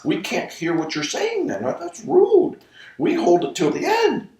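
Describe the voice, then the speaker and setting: Man putting on an older father, late fifties, high-pitched, earnest, roomy sound, distant mic. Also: wildly swooping pitch, measured pace, vocal fry, darkish tone, heavily acted. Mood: earnest explaining.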